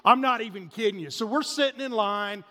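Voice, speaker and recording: A man in his forties preaching a sermon, telling a family story in an animated way that swings between loud bursts and hushed asides. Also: high voice, brisk. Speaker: pastor. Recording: reverberant hall.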